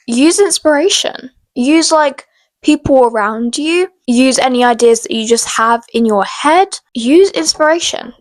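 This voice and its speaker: High-voiced chatty young woman. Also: no echo, low-quality recording. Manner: chatty, rambling, full of "like" fillers. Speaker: book vlogger and self-published author. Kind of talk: casual chat to camera.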